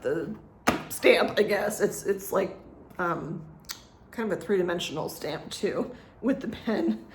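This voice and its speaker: A woman speaks in a casual home vlog, rambling and chatty with frequent laughter and fillers. Her voice sits at an ordinary middle pitch. The room around her is echoey. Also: slight background noise. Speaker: vlogger.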